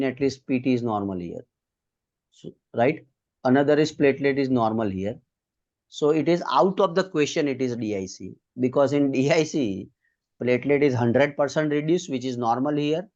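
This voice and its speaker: Indian guy quizzing med students on a call, mellow voice, kinda muffled audio. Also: medium pitch. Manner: patient, drills students one item at a time. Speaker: medical exam tutor. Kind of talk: online quiz lesson.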